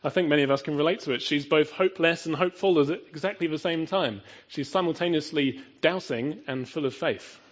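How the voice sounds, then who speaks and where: Husky guy giving an earnest sermon, keeps asking the congregation questions, kinda dull lo-fi recording. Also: fairly high pitch, fairly quick, few pauses. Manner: earnest, emphatic, rhetorical questions to listeners. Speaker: preacher.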